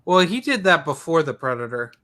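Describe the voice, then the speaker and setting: Bright, excitable man hosting a watchalong. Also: fairly high pitch. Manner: excitable, quick to laugh, counts down playback. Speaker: watchalong host. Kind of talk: casual group chat over a movie.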